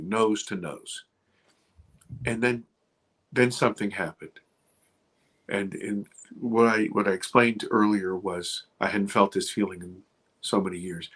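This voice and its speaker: A middle-aged man telling a personal story as a guest, dramatic, dropping to a hush and rising again, with many restarts. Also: on the low side. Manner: dramatic, swings from loud to hushed, many restarts. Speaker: guest filmmaker. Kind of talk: animated storytelling.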